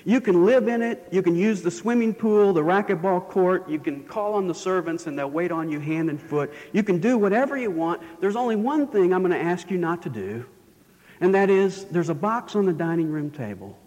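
A man's voice: high-pitched, normal speed, darkish tone, in a large hall, voice pushed up, natural voice, rough recording. A man voicing a generous, wealthy male supervisor in a sermon story, with a raised, eager and emphatic delivery. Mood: expansive, generous.

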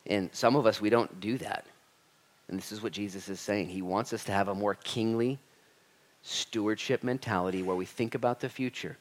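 Animated man preaching a sermon. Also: on the low side, moderate pace. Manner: animated preaching with acted-out quotes and humor. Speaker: pastor.

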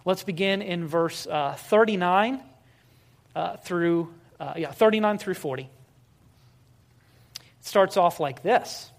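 Speaking at a medium pitch, a pastor preaches in a relaxed, narrative manner with dry wit. He asks the congregation rhetorical questions and frequently hesitates on filler sounds.

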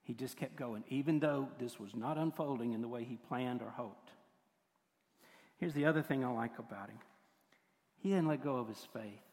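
An older man preaching a sermon as pastor, moving between forceful points and hushed, tender passages. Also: medium pitch, moderate pace. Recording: long hall reverb.

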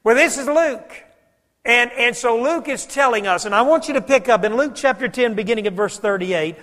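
Man, pastor preaching, folksy storytelling, higher-pitched voice, long church reverb. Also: moderate pace, sharp tone. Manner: folksy storytelling preacher, varies volume for emphasis. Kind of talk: sermon.

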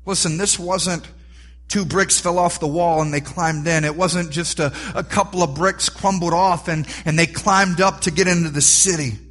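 A man preaching a sermon, animated and rising to near-shouts for emphasis. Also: on the high side, normal speed. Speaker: pastor.

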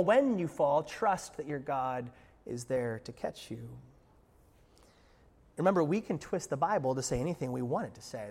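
A man preaching a sermon as pastor, animated, rising loud for quoted lines and joking asides to the congregation. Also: on the high side. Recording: reverberant hall.

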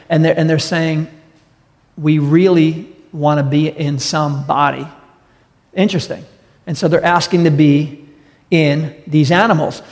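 A man preaching in a church sanctuary, his somewhat high voice carried on a long hall reverb. He is a pastor in full sermon mode, direct and emphatic, and he keeps putting rhetorical questions to the congregation. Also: creaky.

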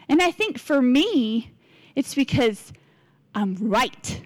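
A woman's voice: sits high, animated, moderate pace, no room sound. A woman in her forties giving a casual, candid sermon in church, chatty and confessional, acting out what people say. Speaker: lay preacher.

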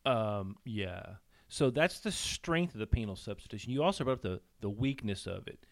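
A man hosting a podcast, telling a story in casual chat with halting restarts. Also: on the low side, animated, gravelly. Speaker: podcast host.

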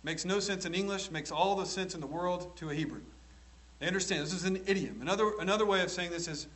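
A man's voice: high-pitched, expressive, moderate pace, bright, forceful tone, rough recording. A man preaching a sermon in an emphatic style, often checking in with the congregation. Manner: emphatic, rhetorical tag questions.

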